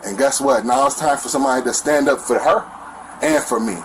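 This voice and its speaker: A man rapidly retelling a fight to police outdoors, animated and rambling, recorded on a noisy police body camera with vehicle sounds nearby. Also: medium pitch. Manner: fast, rambling, animated, repeats "you know what I'm saying". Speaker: complainant talking to police.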